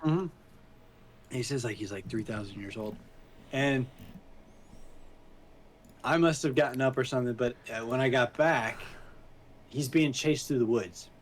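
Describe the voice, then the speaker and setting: A man's voice: medium pitch, measured pace, pauses often, a little hiss or hum. A man co-hosting a podcast, chatting casually and laughing as he retells movie scenes. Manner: animated, laughing, acts out scenes. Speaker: podcast co-host. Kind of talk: casual chat recapping a movie.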